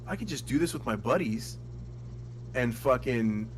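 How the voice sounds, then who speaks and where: A man co-hosting a podcast in casual banter, a profane, animated storyteller who acts out voices. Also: medium pitch, unhurried, a little hiss or hum, poor audio. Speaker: podcast co-host.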